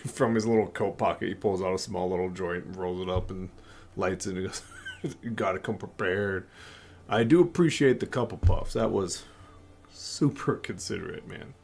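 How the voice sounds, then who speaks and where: A man doing a mellow stoned stranger. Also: deep voice, moderate pace. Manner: drawling, slangy, easygoing. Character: laid-back stoned male stranger, mellow drifter. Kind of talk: tabletop game character voice.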